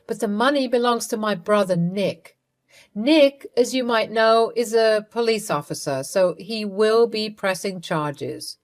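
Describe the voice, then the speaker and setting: A woman narrating a first-person story in a measured, coolly resentful way. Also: mid-range voice, expressive.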